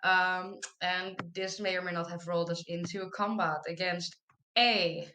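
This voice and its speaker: A woman's voice: fairly low pitch, fairly even intonation, normal speed, sharp tone, a little hiss or hum. A woman player wryly recapping a tabletop game session with sarcastic asides. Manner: sarcastic, wry.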